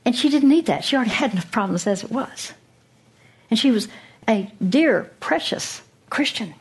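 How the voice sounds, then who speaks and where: A woman's voice: medium pitch, animated, normal speed, slightly rough. A woman Bible teacher giving an earnest, emphatic Christian teaching talk, asking pointed questions.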